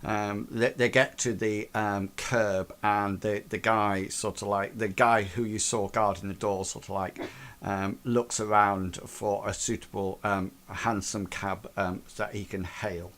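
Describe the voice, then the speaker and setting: A man's voice: on the low side, level tone, measured pace, fairly bright tone. A man narrating a tabletop game as game master, hesitant, with many fillers. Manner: hesitant, lots of fillers and restarts.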